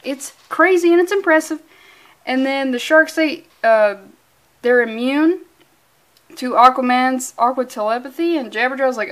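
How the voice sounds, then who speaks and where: A woman's voice: high-pitched, moderate pace, fairly bright tone. A young woman reviewing a comic book in a casual, sarcastic, profane and rambling way. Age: young adult.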